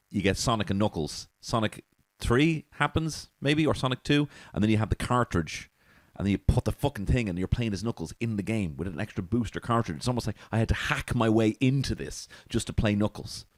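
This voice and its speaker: Deep-voiced man, profane comic rambling. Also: expressive, brisk, no room sound, clean studio sound. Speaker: comedy podcast host. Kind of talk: casual comedic monologue.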